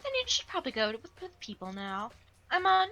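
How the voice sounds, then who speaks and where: A woman's voice: high voice, wildly swooping pitch, fairly quick, pushed and bright, soft background music, heavily acted. A woman reading a stern, composed female investigator. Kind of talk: amateur game voice reading.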